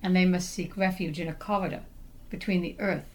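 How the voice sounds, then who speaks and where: Lady with a lowish voice, calm and measured, reading out her explanation. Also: rough recording. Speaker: podcast co-host.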